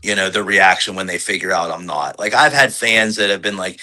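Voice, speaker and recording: A man's voice: lowish voice, a little fast, few pauses, low-quality recording. A man in his forties, a pro wrestler, talking candidly in a podcast interview, rambling with lots of fillers and restarts. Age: 40s. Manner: animated when quoting fans.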